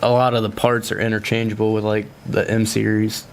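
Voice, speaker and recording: A man's voice: on the low side, little pitch movement, brisk, a little hiss or hum. A man who is a guest on a casual podcast, giving brief, laid-back answers. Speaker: podcast guest, truck racer. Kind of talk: casual chat.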